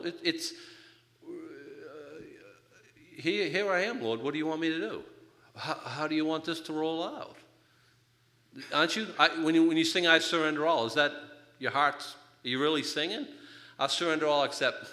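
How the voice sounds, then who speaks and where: An older man preaching a sermon, telling his own story in an animated, joking way. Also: a little high. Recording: reverberant hall.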